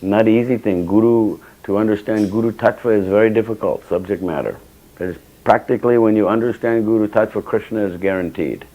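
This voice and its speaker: A man's voice: on the low side, brisk, muffled recording. An older man giving a temple scripture class, telling personal stories and acting out the dialogue with sudden bursts of emphasis. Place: temple hall.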